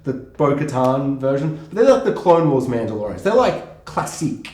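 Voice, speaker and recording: A man co-hosting a podcast in casual chat, excitable and swearing freely as he acts out lines. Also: mid-range voice, moderate pace. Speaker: podcast co-host. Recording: echoey room.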